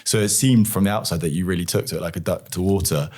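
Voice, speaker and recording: A man's voice: low-pitched, fast talker, darkish tone. A man hosting a podcast, asking curious and encouraging interview questions. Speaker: podcast host.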